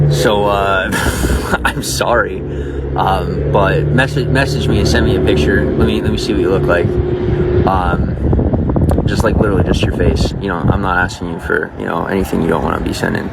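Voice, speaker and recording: A man's voice: sits low, very noisy. A man chatting loosely and slangily to viewers on a live stream, talking straight to them on a phone. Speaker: livestreamer. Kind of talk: casual live-stream chat.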